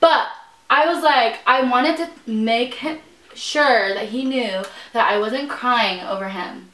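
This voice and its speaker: A woman's voice: on the high side, takes it slowly, fairly bright tone. Chatty young woman in an echoey room. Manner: chatty storyteller, acts out quotes, laughs often. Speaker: vlog host. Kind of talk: casual chat while eating.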